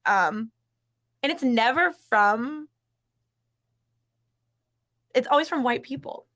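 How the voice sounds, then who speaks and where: A woman's voice: fairly high pitch, animated, slow pace, fairly bright tone. A woman guest on a podcast, talking candidly in casual chat with jokes and laughs. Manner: candid, jokey, fillers and laughs.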